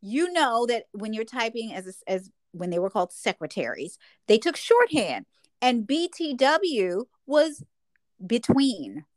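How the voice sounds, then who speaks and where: A woman's voice: a little slow, no echo. An older woman co-hosting a casual chat, telling stories animatedly and acting out her own reactions. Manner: animated storyteller, acts out her own reactions with big pitch jumps. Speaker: podcast co-host.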